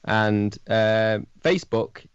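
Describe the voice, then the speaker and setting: Lower male voice, laid-back guest, dry and slightly dull sound. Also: slow, clean tone, no room sound. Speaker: podcast guest. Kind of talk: casual podcast chat.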